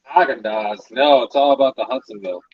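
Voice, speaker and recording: A man hosting a casual livestream while building a model, relaxed and laughing often. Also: mid-range voice, quick pace, breathy edge, no room sound. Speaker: host building a hobby model. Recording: dry lo-fi sound.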